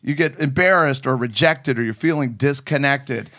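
A man hosting a casual talk show, excitable and rambling as he explains things. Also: medium pitch, moderate pace. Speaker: podcast host. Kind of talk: casual chat.

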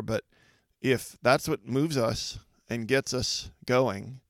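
A middle-aged man with a gravelly, creaky edge to his voice gives an earnest motivational podcast talk. He speaks slowly and reflectively, pausing often. The sound is close and dry, with no room around it. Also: mid-range voice, no echo. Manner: earnest, reflective, measured delivery with deliberate pauses. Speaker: podcast host.

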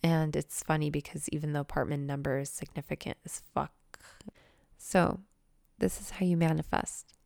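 A young woman chatting excitedly in a casual vlog, gushing and swearing casually as a manifestation coach. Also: low voice, moderate pace, gravelly, no room sound, studio quality. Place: new apartment.

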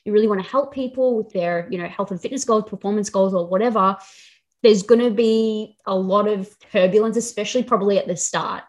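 A woman's voice: mid-range voice, a little fast. Young woman podcaster, sweary and real, reassuring chat. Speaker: podcast host, fitness coach.

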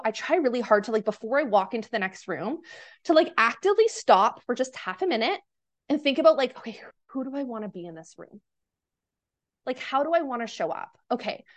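A young woman, a podcast guest and mindset coach, talking in a casual, earnest and upbeat way, full of "like" fillers, tired and a little nauseous. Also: on the high side. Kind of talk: casual interview chat.

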